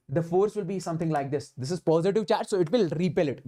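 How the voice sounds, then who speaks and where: A man's voice: high voice, expressive, brisk, hardly any pauses, warm tone. An Indian man leads an online physics lecture for exam students. He talks emphatically and repeats key phrases, pushing the class to follow each step. He drops Hindi words into his English as he works through problems. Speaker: physics teacher.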